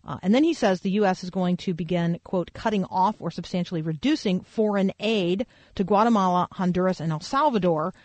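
A woman's voice: on the low side, a little fast, a little mellow, dry recording. A woman hosting a faith talk radio program. She comments on the news in a loose, conversational way, full of filler words and thinking aloud. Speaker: radio talk show host.

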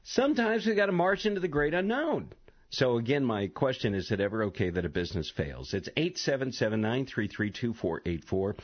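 A man hosting a live call-in radio talk show, chatty and halting with frequent fillers. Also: mid-range voice, lively intonation, breathy edge. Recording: dull lo-fi radio broadcast.

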